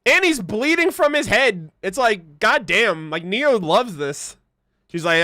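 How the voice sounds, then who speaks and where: Bright excitable male streamer. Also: sits high, unhurried, no echo, studio quality. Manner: excitable, laughing, swearing freely, chatty with viewers. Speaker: livestream host reacting to an animated series. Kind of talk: casual livestream commentary.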